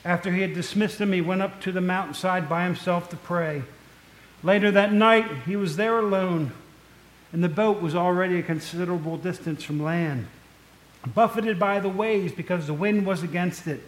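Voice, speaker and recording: A man's voice: sits high, fairly even intonation, moderate pace. A man preaching a conversational, storytelling sermon, full of asides to the congregation. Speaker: pastor. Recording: echoey room.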